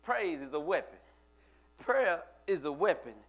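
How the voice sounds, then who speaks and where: A man's voice: on the high side, very animated, a little slow, a bit bright. A man, a pastor, preaching a conversational sermon to his congregation, often repeating words and calling out to people in the pews.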